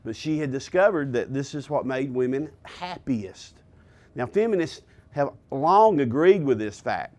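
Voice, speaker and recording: Male pastor, mid-pitch, slow deliberate lesson delivery with filler pauses. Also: expressive, a little mellow. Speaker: pastor teaching a class. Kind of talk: sermon-style Bible lesson.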